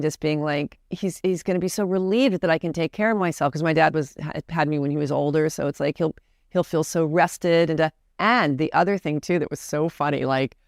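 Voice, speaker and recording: A woman's voice: low-pitched, vocal fry, dry recording, studio quality. A woman guest on an interview show, telling a personal story in an earnest, reflective way. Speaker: podcast guest.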